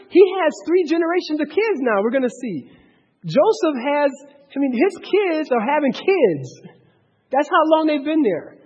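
A man leading a Bible study, talking in an animated way, with many restarts and rhetorical questions. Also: very high voice, unhurried. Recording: dull, echoey hall recording.

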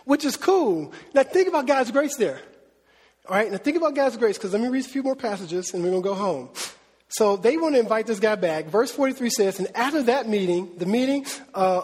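High-pitched guy preaching, husky voice, loose and chatty, acts out the people he talks about. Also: brisk, in a large hall. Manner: animated, conversational preaching with laughs and acted-out quotes. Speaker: pastor. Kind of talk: sermon.

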